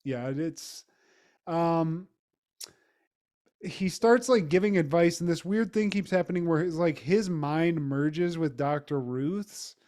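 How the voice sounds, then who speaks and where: A man's voice: fairly high pitch, slow, darkish tone. A man co-hosting a podcast, recapping an episode in a loose, profane, rambling way with lots of fillers. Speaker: podcast co-host. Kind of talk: casual recap chat.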